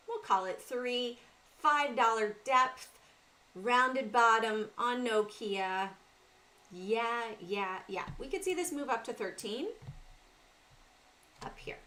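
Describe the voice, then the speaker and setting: A woman's voice: on the high side, bright, forceful tone. A middle-aged woman with a Southern US accent hosting a casual trading livestream, talking through charts and greeting chat viewers by name.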